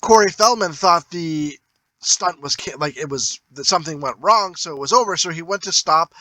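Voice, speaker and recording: A man's voice: on the high side, normal speed, pushed and bright, dry recording. A man co-hosting a casual podcast, telling trivia stories with casual swearing. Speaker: podcast co-host. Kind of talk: casual chat, telling behind-the-scenes trivia.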